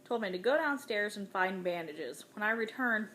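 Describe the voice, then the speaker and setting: A woman reading a novel aloud in the first person with dramatic, expressive delivery. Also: medium pitch, normal speed, a little hiss or hum. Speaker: audiobook reader.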